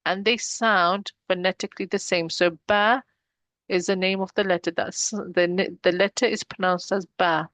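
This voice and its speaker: A woman teaching a pronunciation lesson, slowly drilling syllables and explaining patiently. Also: mid-range voice, no room sound, dull audio. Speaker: Arabic teacher.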